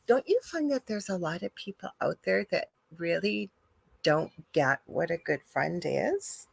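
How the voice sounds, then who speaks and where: Woman co-host, lower pitch, reflective and earnest, dry recording. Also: expressive, measured pace, gravelly, breathy edge, dry recording. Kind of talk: casual conversation.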